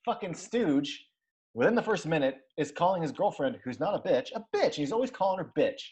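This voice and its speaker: A man's voice: fairly high pitch, very animated, a little fast, darkish tone, poor audio. A man co-hosting a casual movie podcast, ranting with lots of swearing and frequent laughter. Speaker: podcast co-host.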